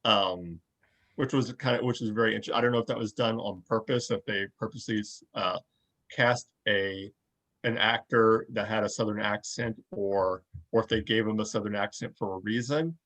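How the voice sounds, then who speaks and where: A man's voice: fairly low pitch, fairly even intonation, normal speed, fairly bright tone, low-quality recording. A man co-hosting a show, speaking thoughtfully and searching for his words as he goes. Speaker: podcast co-host. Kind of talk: casual chat.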